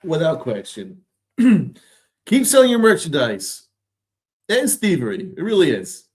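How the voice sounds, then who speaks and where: Man, slightly higher voice, sarcastic ranting podcast host, exasperated and profane. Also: wildly swooping pitch, measured pace, darkish tone. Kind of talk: ranting sports commentary.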